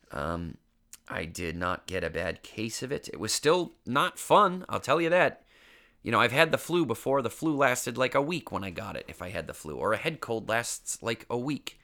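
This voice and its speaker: A young man with a bright, forceful voice tells a long, rambling story at a casual pace. He sounds congested from an illness he is getting over. He mocks himself and swears freely. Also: medium pitch. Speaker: podcast host.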